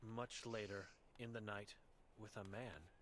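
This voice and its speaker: A man's voice: fairly low pitch, steady tone, measured pace, fairly bright tone, a little hiss or hum, voice pushed down. A man voicing a blind, mute old woman who is grim and full of guilt, speaking in terse broken phrases. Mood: somber.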